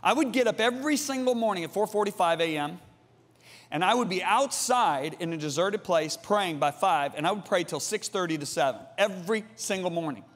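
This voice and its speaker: A man in his sixties preaching a sermon, telling his own story and calling out to the congregation, moving between loud appeals and hushed passages. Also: sits high, expressive, a little fast. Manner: calls out to the congregation. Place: large church auditorium. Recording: long reverb of a large hall.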